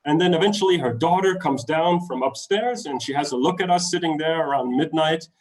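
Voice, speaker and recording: A man's voice: on the high side, brisk, poor audio. A man from Denmark with a Danish accent, telling a travel story in a web talk and acting out the voices of people in it. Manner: animated, acts out voices in his story. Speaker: travel speaker. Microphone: webinar computer mic.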